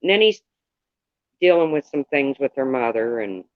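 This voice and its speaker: A man's voice: mid-range voice, very animated, normal speed, dry recording, phone-quality sound. A man livestreaming in casual chat, rambling candidly and greeting viewers by name.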